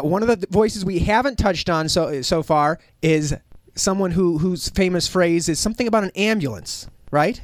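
A man's voice: on the high side, no echo, clean studio sound. A man hosting a radio show, chatting informally with a guest. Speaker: radio host. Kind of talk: casual radio interview. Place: radio studio.

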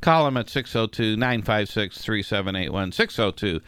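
A man co-hosting a radio show, plugging a friend's business in a lively way. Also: fairly low pitch, normal speed, smooth, dry recording. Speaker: radio co-host. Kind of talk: casual radio banter. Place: radio studio.

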